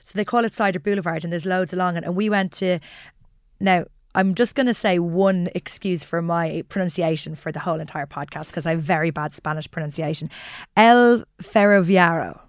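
Chatty Irish woman, low voice. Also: fairly even intonation, brisk, no echo, clean studio sound. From Ireland. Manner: chatty and descriptive, self-deprecating asides. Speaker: journalist and podcast co-host. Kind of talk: casual conversational chat.

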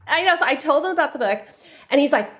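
A middle-aged woman from San Francisco, a guest author in an interview, telling a personal story with animated delivery and acting out other people's voices. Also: high voice, quick pace. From San Francisco, USA. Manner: animated, acts out the voices of people in her stories.

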